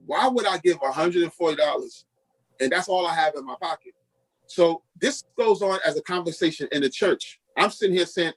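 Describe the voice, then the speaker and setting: Husky-voiced man telling his story. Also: a little high, brisk, rough recording. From Queens, New York. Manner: lively storyteller who acts out quoted dialogue. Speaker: pastor, podcast guest. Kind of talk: personal testimony storytelling.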